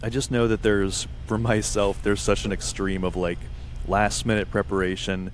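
A man with a deep voice hosts a casual interview, musing out loud and often restarting his sentences. A faint noise sits under the recording. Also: little pitch movement, moderate pace. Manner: thinking aloud, hesitant restarts. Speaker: podcast host, actor.

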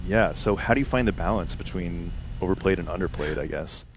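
A man's voice: sits low, fairly quick, creaky, slight background noise. A man hosting a podcast interview, asking questions casually and thinking aloud with lots of fillers. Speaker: podcast host.

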